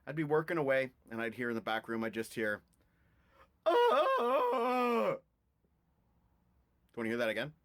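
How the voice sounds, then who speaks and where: A man hosting a rock music vlog, telling anecdotes in a chatty, animated way. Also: mid-range voice, quick pace, pauses often. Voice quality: animated, chatty storyteller who does little sound effects. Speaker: host of a rock music video channel. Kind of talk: casual storytelling vlog.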